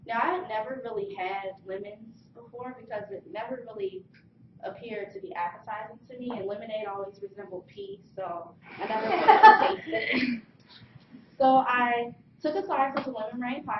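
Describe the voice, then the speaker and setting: A young woman giving a lively personal story speech, acting out the voices of the people in it. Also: a little high, background noise. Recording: distant mic in an echoey room, dull sound.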